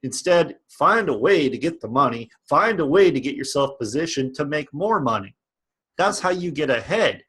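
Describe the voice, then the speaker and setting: A man's voice: a little high, animated, moderate pace, fairly bright tone, husky. A man vlogging about online business, giving a passionate, repetitive motivational rant.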